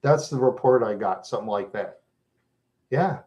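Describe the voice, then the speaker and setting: A middle-aged man from Minnesota with a rough voice worn down by years of smoking. He talks to his viewers in a loose, rambling way, stopping often to chuckle. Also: mid-range voice, normal speed, a little mellow. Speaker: livestream host chatting with viewers. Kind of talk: casual rambling chat.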